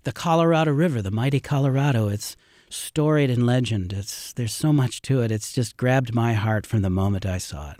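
A man's voice: mid-range voice, normal speed, warm tone, no room sound, clean studio sound. A middle-aged man, a river rafting guide, telling stories earnestly and ramblingly in a radio interview.

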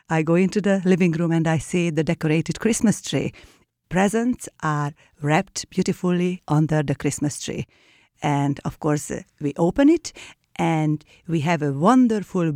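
A man's voice: fairly high pitch, a little mellow, dry recording, studio quality. A man with a Hungarian accent, a tour guide speaking enthusiastically in a radio interview.

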